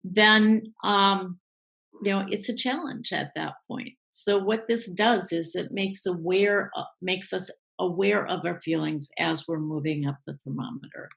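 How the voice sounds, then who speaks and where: A woman speaking as a guest coach in a live online interview, explaining in a relaxed way with many fillers. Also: fairly low pitch, measured pace, vocal fry, low-quality recording.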